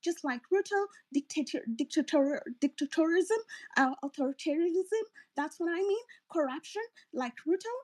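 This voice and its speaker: A woman with a Kenyan accent and a strikingly high voice rants in anger. Her political monologue is profane and heated. She breaks off and restarts her sentences often. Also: expressive, moderate pace, a little mellow. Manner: angry, profane, ranting, self-interrupting. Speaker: political commentator.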